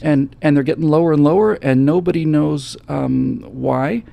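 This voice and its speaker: A man hosting a casual chat, telling a travel story in an animated way that acts out the scenes. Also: on the high side, normal speed, gravelly. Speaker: host.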